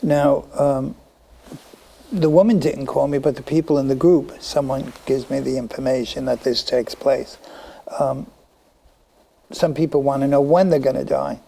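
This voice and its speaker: A man appearing as a psychic guest on a studio talk show, speaking in a halting way with many ums and restarts. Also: mid-range voice, steady tone, gravelly, dark tone, rough recording. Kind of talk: interview conversation.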